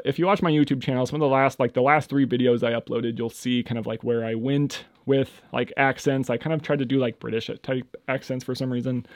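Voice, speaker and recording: A young man hosting his first solo podcast, rambling with lots of fillers, his voice jumping between loud and quiet as he drifts on and off the microphone. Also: no echo, clean studio sound. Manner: rambling, lots of fillers, swings in loudness and pitch. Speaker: podcast host. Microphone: home microphone, moves on and off it.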